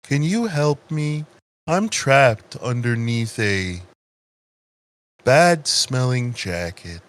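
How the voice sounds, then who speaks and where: A man voicing a small, timid lost plant that speaks hesitantly and haltingly. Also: medium pitch, animated. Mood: pleading.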